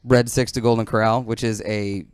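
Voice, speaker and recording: Brief: casual podcast host, a man, rambling, smooth dry close-mic voice. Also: fairly low pitch, fairly even intonation, no echo. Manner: rambling, lots of fillers, quick bursts.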